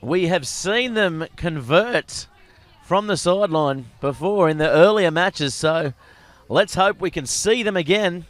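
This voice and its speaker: A man commentating a live rugby sevens match, excitable and rising to shouts at tries. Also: sits high, unhurried, dry recording. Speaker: sports commentator.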